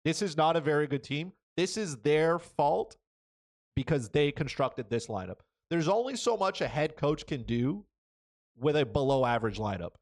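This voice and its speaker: A man's voice: a little high, lively intonation, normal speed. Blunt opinionated male podcast host. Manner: blunt, frequent "right?" and "okay?" tags. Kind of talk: opinionated sports commentary.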